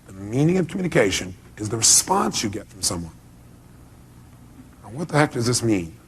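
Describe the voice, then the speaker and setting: A man's voice: fairly low pitch, big pitch swings, fairly quick. A man giving a motivational seminar talk, pressing the audience with emphatic rhetorical questions. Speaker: motivational speaker.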